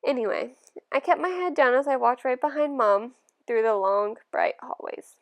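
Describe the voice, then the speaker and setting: Gravelly woman reading a novel aloud. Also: sits high, moderate pace. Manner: gentle, steady storytelling. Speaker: audiobook reader. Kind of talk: first-person novel reading.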